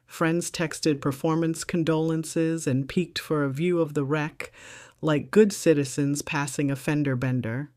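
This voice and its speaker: A woman's voice: sits low, steady tone, a little slow, darkish tone, dry recording, studio quality. A middle-aged woman narrating her own story in the first person with a composed, wry, reflective delivery.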